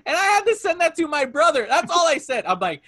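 A man hosting a casual movie review podcast, animated and laughing as he acts out lines from the film. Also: extremely high pitch, quick pace, no echo. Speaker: podcast host.

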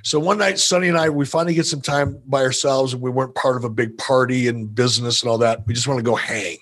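A man holding the floor as a podcast guest, spinning a long anecdote with easy swearing and a self-amused streak. His voice sits at a plain, middle pitch for a man. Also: fairly even intonation, quick pace, a bit bright. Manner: profane, playful, self-amused. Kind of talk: casual storytelling.

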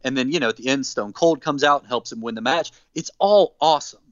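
A man on a podcast, casually retelling a story with animated, acted-out quotes. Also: medium pitch, quick pace, no room sound. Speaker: podcast co-host. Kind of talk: casual chat, recapping wrestling. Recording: dull dry close mic.

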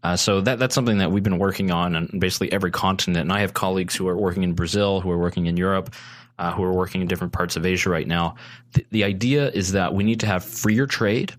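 A man's voice: low-pitched, quick pace. A man speaking as a guest on a casual podcast, earnestly explaining policy at length with frequent restarts.

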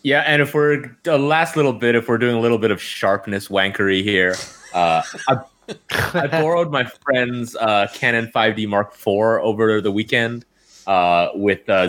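A man's voice: on the low side, fairly bright tone. A man on a casual podcast, talking bluntly and jokily and laughing as he speaks.

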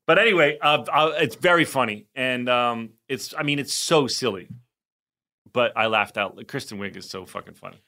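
A man in his forties co-hosting a podcast, talking in an easy, rambling way with frequent laughs and repeated false starts. His voice has a bright, forward ring at an ordinary pitch. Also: moderate pace, creaky. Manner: chatty, laughs often, stammers into restarts. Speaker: podcast co-host. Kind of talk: casual chat.

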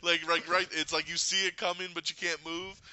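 A man's voice: a little high, a little fast, dull audio, a crowd in the background. A man hosting a podcast, retelling movie scenes in casual chat and acting out the characters' lines. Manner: animated, retells scenes with laughs and acted quotes. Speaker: podcast host.

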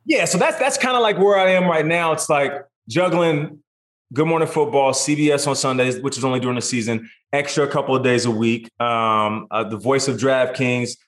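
A man in his thirties, a guest in a casual interview, telling stories in a lively way and acting out what others said. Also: medium pitch, normal speed. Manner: animated, acts out quotes in voices. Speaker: podcast guest, sports broadcaster. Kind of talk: casual storytelling chat.

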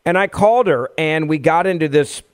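Lively man from Tennessee, slightly high. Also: fairly quick, smooth, no echo, clean studio sound. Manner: lively, laughs as he talks. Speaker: guest, radio host. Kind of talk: animated personal storytelling.

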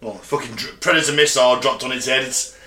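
A man's voice: mid-range voice, fairly even intonation, quick pace, sharp tone. A man co-hosting a podcast, bantering in a crude, jokey way, from England. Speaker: podcast co-host. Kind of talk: casual banter. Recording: echoey room.

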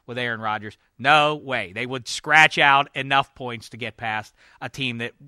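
A man hosting a casual sports podcast, animated and jokey, with frequent "uh" fillers. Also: medium pitch, normal speed, clear, resonant tone, no echo, studio quality. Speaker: podcast host.

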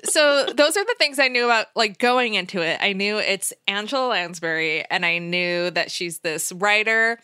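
A woman co-hosting a podcast in casual chat, chatty and quick to laugh, with animated asides. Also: mid-range voice, smooth, no echo, studio quality. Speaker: podcast co-host.

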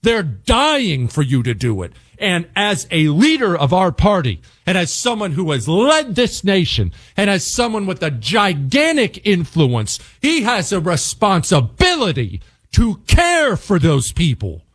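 A man hosting a radio talk show, delivering an emphatic opinion monologue and slowing down to hammer his points. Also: sits high, wildly swooping pitch, a bit bright, no echo, studio quality.

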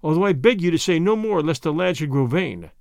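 A man's voice: a little high, lively intonation, fairly quick, gravelly, a little mellow, no room sound, studio quality. A man doing a modest older father. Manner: restrained and modest.

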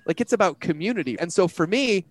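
A man talking as a business coach in a casual, animated way, full of slang and acted-out quotes. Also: high-pitched, quick pace.

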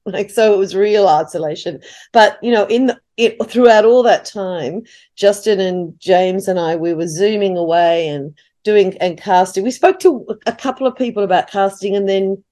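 A woman's voice: medium pitch, a little mellow. A woman, a playwright guest on a remote podcast interview, telling a story animatedly and laughing often. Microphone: remote call.

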